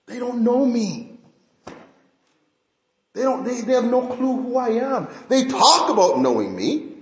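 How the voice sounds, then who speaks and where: High-pitched pastor guy preaching, emphatic, lots of restarts, roomy echo. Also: unhurried, long pauses. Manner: preaching with emphatic, animated rises and repeated restarts. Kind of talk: sermon.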